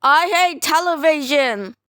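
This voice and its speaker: A woman's voice: high voice, animated, takes it slowly, fairly bright tone, dry recording, studio quality, exaggerated voice. A woman voicing Shrimpo, a spiteful little shrimp. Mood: grumbling. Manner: snappish, hates everything. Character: grumpy spiteful little male shrimp creature. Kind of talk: fan voice-over dub.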